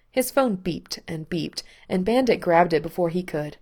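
A woman reading a story aloud in a calm, measured way, her voice sitting a little low for a woman. The delivery is steady and unhurried, like an audiobook reading. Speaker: narrator.

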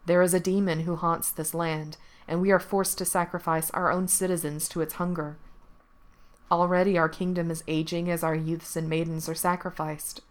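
A woman's voice: on the low side, level tone, normal speed, natural voice. A woman doing a grave, dutiful young prince. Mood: solemn. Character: grave, kind young prince, burdened by duty.

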